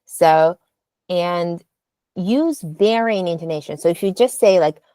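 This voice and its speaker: A woman speech coach talks at an unhurried, deliberate pace in a fairly low voice, modelling how the voice should rise and fall on sample phrases. She is patient and instructional and leans on small fillers as she explains each point. The sound is dry and close. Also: dark tone, smooth, no echo. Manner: demonstrative, exaggerates rising and falling intonation in examples. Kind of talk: instructional lesson on delivery.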